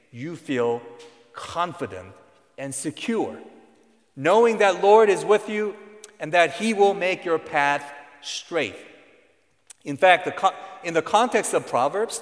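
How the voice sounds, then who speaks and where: A man delivers a sermon in a fairly high voice, teaching earnestly and pressing on the words that matter. His voice rings out with a long reverb, as in a large hall. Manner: earnest teaching tone with emphatic stresses. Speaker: pastor.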